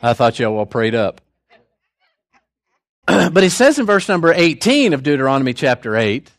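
A man's voice: mid-range voice, sing-song, unhurried, no room sound. Older man preaching, dry close sound. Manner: conversational, storytelling, folksy asides. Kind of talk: sermon.

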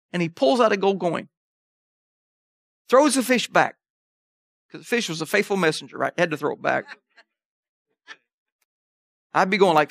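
High-voiced preacher man, dry sound. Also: lively intonation, normal speed, creaky, long pauses, a bit bright, dry recording. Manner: conversational preaching with call-outs to the congregation. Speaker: pastor. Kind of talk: sermon.

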